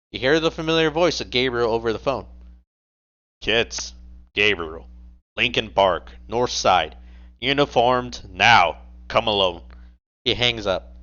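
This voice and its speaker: Lively male game master narrating. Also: mid-range voice, lo-fi sound. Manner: lively second-person narration. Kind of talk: narrating a tabletop role-play.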